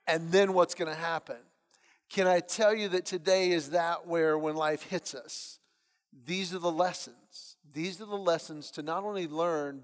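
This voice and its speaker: A middle-aged man preaching a sermon, telling stories in an animated way and acting out the voices of others. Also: on the high side. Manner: storytelling, animated, acts out voices in anecdotes. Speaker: pastor. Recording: long hall reverb.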